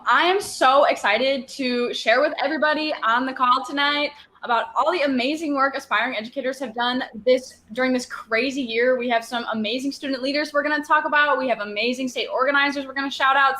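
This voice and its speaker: Young woman, co-host, chatty, excited, bright voice, slightly high pitch. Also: brisk, few pauses. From Wisconsin. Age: young adult. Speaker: co-host of an awards ceremony. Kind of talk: casual hosting chat. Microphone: video call.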